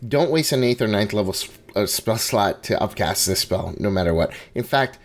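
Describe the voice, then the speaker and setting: A man's voice: fairly low pitch, lively intonation, normal speed. A man casually talking through a tabletop game guide, conversational with frequent restarts and asides. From Hispanic background. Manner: conversational, restarts and hedging asides, laughs at himself.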